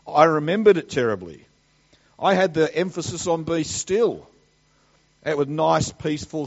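A male preacher delivering a sermon at an unhurried, deliberate pace. He swings from ringing declarations down to hushed asides. The recording is dull and a little lo-fi. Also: mid-range voice. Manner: emphatic, swings between loud declarations and quiet asides.

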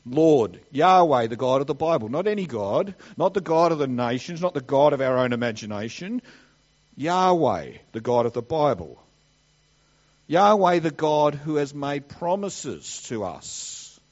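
A man preaching a sermon, swinging between loud emphatic declarations and quiet asides. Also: medium pitch, dull audio.

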